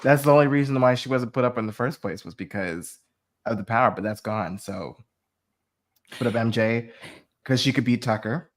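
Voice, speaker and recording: Co-host, middle pitch, relaxed, thinks out loud. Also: moderate pace. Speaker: podcast co-host. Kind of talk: casual reality-TV recap chat.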